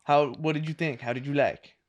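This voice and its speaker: A man's voice: on the high side, fairly even intonation, brisk, muffled recording. A man co-hosting a casual podcast, reacting to the story with short, swearing interjections. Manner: reactive, brief interjections, laughs along. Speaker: podcast co-host. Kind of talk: casual chat.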